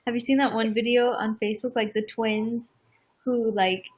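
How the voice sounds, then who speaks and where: A woman's voice: fairly high pitch, little pitch movement, normal speed, breathy edge, rough recording. A woman chatting casually with a friend, full of "like" fillers. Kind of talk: casual chat.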